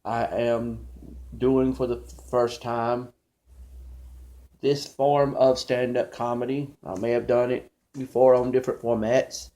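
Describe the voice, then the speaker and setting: A man's voice: mid-range voice, little pitch movement, slow, warm tone. A man doing a rambling, conversational stand-up comedy monologue, storytelling with many restarts.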